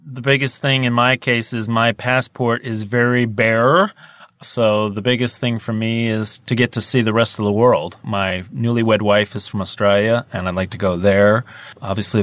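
Recorded on a studio mic with no echo, this young male voice actor has a lowish, slightly bright voice. As a guest, he responds to interview questions with relaxed, wandering talk and frequent laughter.

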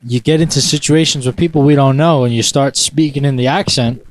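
A man's voice: medium pitch, fairly even intonation, brisk, slight background noise. A man co-hosting a casual podcast with his brothers, laughing and egging them on. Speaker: podcast co-host.

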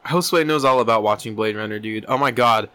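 A man's voice: fairly low pitch, brisk, bright, forceful tone. A man hosting a comedy podcast, chatting crudely and rambling while steering the talk between his co-hosts. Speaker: podcast host. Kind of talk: casual comedic chat.

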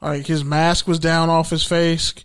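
Profane, animated man telling a story. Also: on the high side, measured pace, clean tone. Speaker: podcast host. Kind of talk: casual storytelling.

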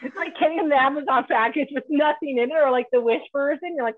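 A woman's voice: high voice, quick pace, dry recording, narrow, tinny audio. Lady podcast host cracking jokes, doing goofy voices, casual chat. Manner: joking, acts out silly voices.

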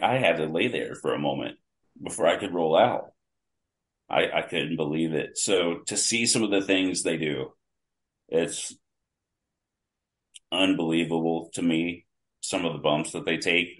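Low voiced guy on a podcast telling a long story, lots of detail, keeps restarting. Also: fairly bright tone. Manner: vivid, detailed anecdotes with many restarts. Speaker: podcast guest, longtime wrestling fan. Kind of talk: casual storytelling.

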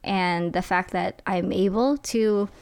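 A woman's voice: medium pitch, fairly even intonation, slow, a little mellow, clear, resonant tone. A woman talking about her parenting in casual chat, earnest and reflective, with frequent fillers. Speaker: parent guest.

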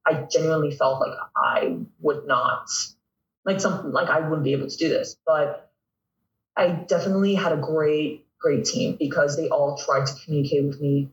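Young Canadian man, animated, echoey and distant. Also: a little high, moderate pace. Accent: Canadian English. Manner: animated, laughs often, uses lots of "like". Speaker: guest, pro volleyball player. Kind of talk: casual interview storytelling.

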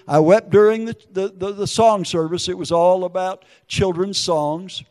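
A man's voice: high-pitched, steady tone, normal speed, hardly any pauses, a little mellow, big-room sound. An older man, preaching an emotional testimony and acting out the quotes in his story. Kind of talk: testimony sermon.

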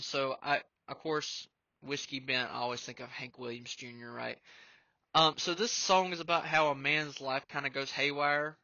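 Male podcast host, casual and earnest, bright tone, dry close sound. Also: medium pitch, dry recording. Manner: earnest, emotional, rambling with fillers. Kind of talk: casual music commentary. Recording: dull lo-fi sound.

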